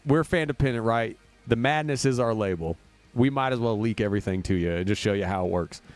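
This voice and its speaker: A man's voice: on the low side, brisk. A man from Indiana, a band member booking a tour, chatting casually and upbeat on a livestream, rambling with plenty of fillers. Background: faint demo music looping.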